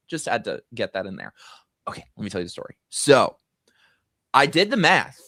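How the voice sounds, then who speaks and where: A middle-aged man hosts a casual live stream and tells a story about running into someone years ago. His pitch climbs and falls a lot as he tells it, and the sound is dry and close to the mic. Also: no room sound. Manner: chatty, storytelling, swings high in pitch when excited. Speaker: host.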